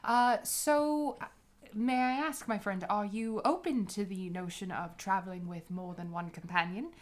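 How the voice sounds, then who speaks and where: A woman's voice: mid-range voice, steady tone, moderate pace, natural voice. A woman voicing a formal, courteous adventurer who bargains with ornate, hesitant politeness. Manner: flowery, overly polite speech with many hesitations.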